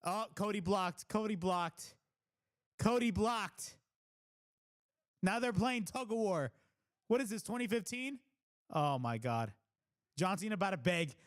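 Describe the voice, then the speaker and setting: An excitable man hosting a live reaction stream, his high voice leaping all over the place between unhurried stretches of talk. He swears casually and breaks into loud shouts when the action peaks. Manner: excitable, blurts exclamations and shouts at big moments.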